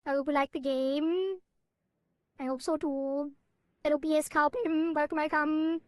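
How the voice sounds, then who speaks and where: Giggly high-voiced woman streamer. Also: steady tone, a little slow, a little mellow, no room sound. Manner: chatty, giggly, rambling with playful sound effects. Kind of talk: casual live-stream chat.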